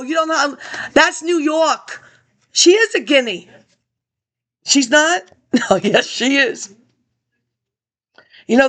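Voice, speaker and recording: A woman's voice: high voice, vocal fry, a bit bright. A woman ranting about politics to an absent audience, confrontational and accusing, jumping from topic to topic.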